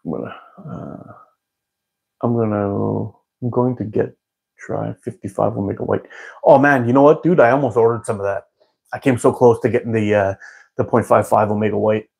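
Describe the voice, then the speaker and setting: A man's voice: fairly low pitch, moderate pace, creaky, long pauses, a little mellow, slightly rough. A man hosting a live stream, chatting casually with viewers in a rambling way and laughing often. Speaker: live-stream host answering chat.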